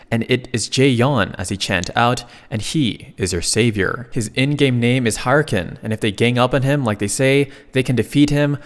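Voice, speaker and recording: A man's voice: medium pitch, big-room sound. A man narrating a comic recap in a casual way, slipping in joking asides.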